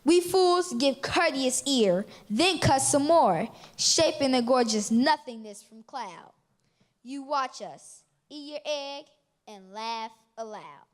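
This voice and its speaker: A woman introducing herself and then reading a poem in a soft, hushed, expressive way. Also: high voice, slow pace. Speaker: poetry reader. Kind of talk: poetry recitation.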